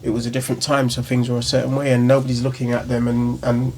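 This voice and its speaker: A man's voice: mid-range voice, monotone, fast talker, darkish tone, slight background noise. A man, a guest in casual chat, explaining things at length and laughing along.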